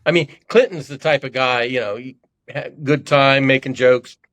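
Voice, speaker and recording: Speaking at a normal speed in a mid-range, slightly bright voice, a former congressman from Ohio guests on a podcast. The older man shares self-deprecating, meandering stories in relaxed, conversational storytelling.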